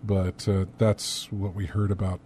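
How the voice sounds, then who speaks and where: A man's voice: deep voice, little pitch movement, unhurried, warm tone, a little hiss or hum. A man co-hosting a casual gaming news talk, rambling and thinking aloud with many fillers. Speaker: podcast co-host.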